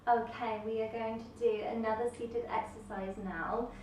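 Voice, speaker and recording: A woman calmly explaining a seated dance exercise. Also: a little high, normal speed, far from the mic, a little hiss or hum. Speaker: dance leader. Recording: echoey room from afar.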